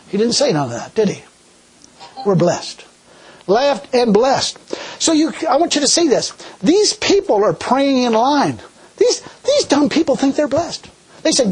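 Animated folksy male preacher, husky voice. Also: very high voice, normal speed, low-quality recording. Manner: folksy, animated, laughing often. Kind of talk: sermon.

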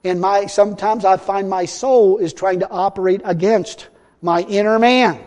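A man preaching a sermon in a folksy way, repeating himself and swinging between loud and hushed. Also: high voice, fairly even intonation, normal speed. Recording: long hall reverb.

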